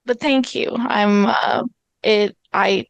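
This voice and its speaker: A woman's voice: mid-range voice, slow pace, gravelly, dull audio. A woman voicing a modest, shy female adventurer who stammers and hesitates. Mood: bashful.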